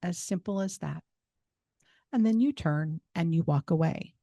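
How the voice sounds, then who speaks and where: A woman hosting a self-help talk, giving steady, instructive advice and repeating phrases for emphasis. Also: fairly low pitch, unhurried, dry recording, studio quality. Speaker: host.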